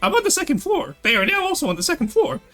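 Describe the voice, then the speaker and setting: A streamer doing an impression of a chipper, boisterous cartoon mouse in a strained high falsetto. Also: very animated, fast talker, bright, forceful tone, faint music behind, exaggerated voice. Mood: mock-panicked. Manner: opens with a "ho ho" before every line. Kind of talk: comic impression on a live stream.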